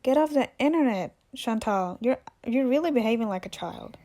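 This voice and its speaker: A woman's voice: a little high, expressive, normal speed, mellow. A woman commenting bluntly and scolding the streamer.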